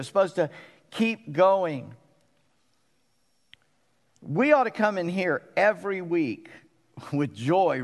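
A man preaching in a casual, talky way, his fairly high voice rising when he is excited and sinking low for the serious points. The sound rings out with a long church-hall reverb. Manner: conversational, animated preaching with sudden drops to a low voice. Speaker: pastor. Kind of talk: sermon. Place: church sanctuary.

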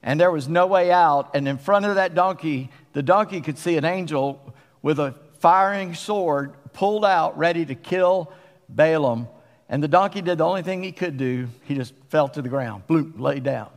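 A male pastor with a Southern accent delivers a sermon in a folksy, talk-it-through manner. His voice sits a little high for a man. The recording carries the long echo of a church sanctuary. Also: moderate pace. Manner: folksy, conversational preaching. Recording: long reverb of a church hall.

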